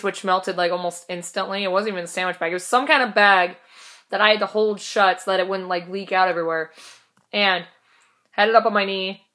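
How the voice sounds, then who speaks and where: A woman's voice: mid-range voice, a bit bright. A young woman casually telling a story in a vlog, chatty and laughing, swearing now and then. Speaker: vlogger.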